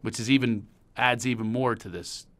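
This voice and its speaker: A middle-aged man from Pennsylvania with a Pennsylvania accent, hosting a podcast and telling long personal stories in a rambling, animated way. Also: mid-range voice, normal speed. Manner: rambling and storytelling, animated when recalling anecdotes. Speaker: podcast host. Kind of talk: casual chat.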